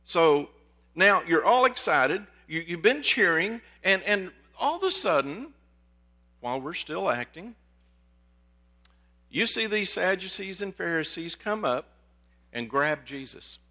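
A man with a bright, slightly high voice delivers a conversational sermon, swinging between quiet asides and excited outbursts. He talks to the congregation directly, calling them folks. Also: measured pace, long pauses. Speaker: pastor. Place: church sanctuary.

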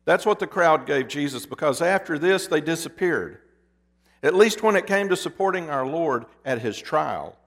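A man preaching a sermon as pastor, moving between loud emphasis and hushed, dramatic pauses. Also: on the high side, animated. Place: church sanctuary. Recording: long reverb of a church hall.

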